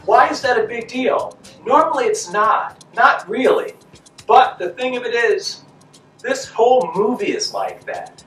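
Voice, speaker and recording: A man's voice: very high-pitched, expressive, measured pace, a bit bright, recorded from a distance. A man giving a casual spoken film review, talking conversationally, asking rhetorical questions and repeating his points for emphasis. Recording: echoey room, voice off-mic, faint music.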